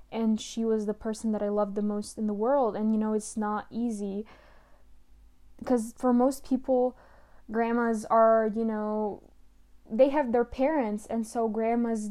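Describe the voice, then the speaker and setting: A young woman talking in a personal monologue, emotional and halting, close to tears at times. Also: on the high side, dark tone.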